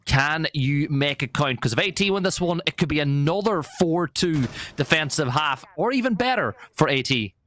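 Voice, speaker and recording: Irish guy doing esports play-by-play on a headset, kinda high voice, quick and chatty. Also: lively intonation, fairly bright tone, no echo. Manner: brisk, conversational play-by-play. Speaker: esports caster. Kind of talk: live play-by-play commentary.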